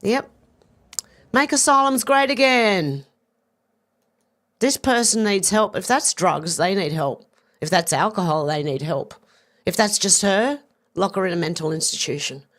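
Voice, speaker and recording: A woman's voice: medium pitch, unhurried, long pauses, a bit bright. A woman giving opinion commentary over video clips in an exasperated, indignant way, recorded as a voice-over. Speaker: news commentator.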